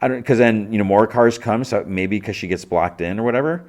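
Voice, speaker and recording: A man's voice: fairly low pitch, fairly quick, a little mellow. A man hosting a podcast, casually recapping a TV episode with stumbling restarts and questions to himself. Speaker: podcast host.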